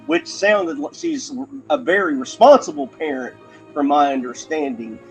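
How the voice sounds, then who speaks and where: A man's voice: a little high, big pitch swings, moderate pace, soft background music, poor audio. A man telling a crude personal story in a rambling, profane way, laughing as he goes.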